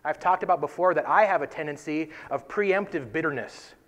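Brief: man, slightly higher voice, casual earnest Bible teaching, conversational with soft emphatic drops. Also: fairly quick. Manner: conversational, tags points with "right?".

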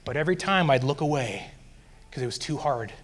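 A man earnestly sharing a personal faith testimony, growing animated as he recounts his frustration. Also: mid-range voice, a little fast.

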